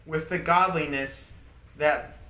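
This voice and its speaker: A man teaching a small group in a relaxed, lively way. He leans on repetition and often laughs mid-story. His voice sits a little high and comes from some distance off the mic, in a roomy space with a faint hiss underneath. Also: takes it slowly. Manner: animated, emphatic repetition, laughs while telling stories. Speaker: Bible study leader.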